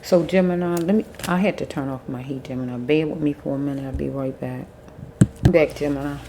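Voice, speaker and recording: A woman giving a casual tarot reading, thinking aloud with pauses, chewing a mint as she talks. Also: sits low, steady tone, warm tone, a little hiss or hum. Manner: chewing a mint while talking. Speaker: tarot reader.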